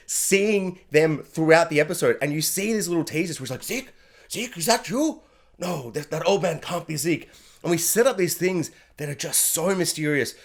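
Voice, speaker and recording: A man giving an animated, excited spoken review, often acting out characters' lines. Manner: animated, acts out character lines with sudden high yelps. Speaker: anime reviewer.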